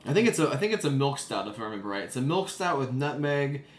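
Male podcast host, relaxed rambling chatter, roomy reverb. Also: mid-range voice, fast talker. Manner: laid-back, laughs often, rambling. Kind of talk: casual chat.

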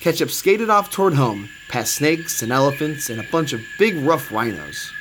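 A man reading a children's storybook aloud, expressive and sing-song. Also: mid-range voice, moderate pace. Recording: steady background noise.

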